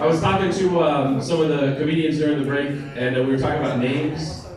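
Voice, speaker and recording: A man's voice: a little high, steady tone, fast, hardly any pauses. Man from the US, stand-up comedian, playful crowd work, very echoey bar, audience noise behind. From United States. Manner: chatty, teasing the crowd, playful asides. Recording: echoey room, mic from a distance, crowd laughing.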